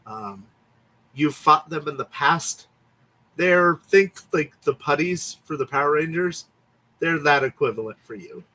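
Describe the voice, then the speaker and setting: A man running a tabletop game as game master, easygoing and quick to laugh. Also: on the high side, expressive, bright, forceful tone.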